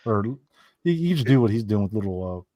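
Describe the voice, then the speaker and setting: A man's voice: lowish voice, big pitch swings, brisk, crowd noise. A man chatting casually on a podcast, laid-back, with stammered restarts. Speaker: podcast co-host. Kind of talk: casual chat.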